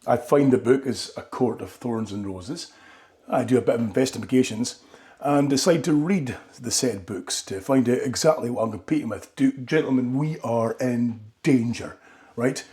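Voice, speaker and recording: A man's voice: medium pitch, normal speed, warm tone. A man doing a rambling comic monologue and tagging his lines with "right?". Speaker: comedy vlogger. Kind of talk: comedic monologue.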